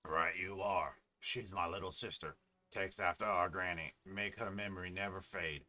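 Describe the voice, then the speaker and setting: A man reading a deep-voiced village fisherman. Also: fairly even intonation, moderate pace, sharp tone. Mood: warm. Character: friendly male village fisherman, middle-aged.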